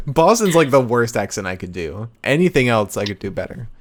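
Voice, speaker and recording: A man's voice: mid-range voice, big pitch swings, moderate pace. A young man hosting a live podcast, joking loosely, laughing easily and talking to his chat. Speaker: podcast host. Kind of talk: casual livestream podcast hosting.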